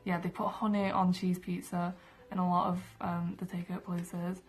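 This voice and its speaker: Young Englishwoman vlogger, chatty storyteller, level delivery with a creaky edge. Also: lowish voice, flat delivery, moderate pace, faint music behind. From England. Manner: chatty, many "like" and "um" fillers. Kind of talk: casual storytelling to camera. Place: her room indoors.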